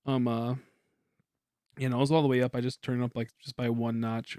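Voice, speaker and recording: A young man chatting casually on a game stream, quiet and rambling, humming between thoughts. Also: mid-range voice, little pitch movement, a little fast, long pauses, clear, resonant tone, no room sound, clean studio sound. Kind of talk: casual livestream chat while gaming.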